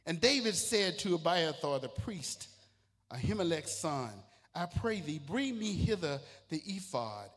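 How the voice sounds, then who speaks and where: A pastor preaching a sermon with call-and-response, building from soft talk to shouted declarations, with a St. Louis accent. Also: male voice, sits high, lively intonation, unhurried. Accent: St. Louis, Missouri. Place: church sanctuary. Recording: long reverb of a large church hall.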